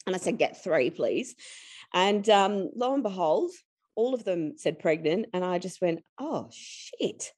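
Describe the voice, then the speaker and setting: Low-voiced Australian woman telling stories. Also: measured pace. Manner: lively, laughs often, acts out quotes. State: tired. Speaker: podcast guest. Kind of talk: candid personal storytelling.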